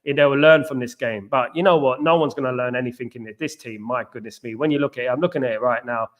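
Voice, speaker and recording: A man's voice: mid-range voice, fast talker, lo-fi sound. A man hosting a live football watchalong, chatting casually and reacting with exasperation while answering viewers. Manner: exasperated, talks to live chat. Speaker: watchalong host.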